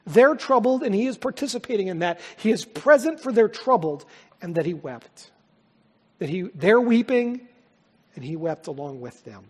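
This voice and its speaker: Husky high-voiced male pastor preaching. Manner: emphatic preaching, swinging from loud to hushed. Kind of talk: sermon. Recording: long hall reverb.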